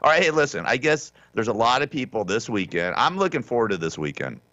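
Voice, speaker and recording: A male radio host talks loosely and sarcastically, often stopping to restart his sentences. His voice sits at an ordinary middle pitch. The sound is dry and a little dull, like a broadcast studio feed. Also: big pitch swings, fast talker, pushed and bright, no echo. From Southern California. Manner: rambling, sarcastic and offhand, with frequent restarts. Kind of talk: casual talk radio monologue.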